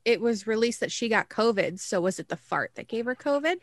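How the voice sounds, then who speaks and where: A woman's voice: fairly high pitch, expressive, a little fast, a little hiss or hum. A woman co-hosting a podcast over a video call, chatting casually and teasing with frequent giggles. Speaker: podcast co-host. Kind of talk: casual chat.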